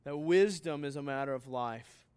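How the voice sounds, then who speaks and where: A man's voice: on the high side, moderate pace, darkish tone, clean tone. A man preaching a sermon as pastor, emphatic and putting questions straight to his listeners.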